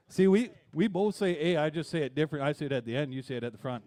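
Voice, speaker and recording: A man's voice: a little high, lively intonation, fast talker, few pauses, darkish tone. A man from Canada working a livestock auction ring, rolling out bids in a rhythmic chant with folksy asides.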